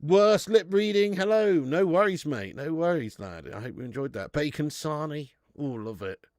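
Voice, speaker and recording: Here a man in his thirties chats with viewers and swears offhandedly while hosting a live football watch-along. His pitch is fairly high and his tone darkish, with lively intonation at a moderate pace. It's studio quality with no room sound.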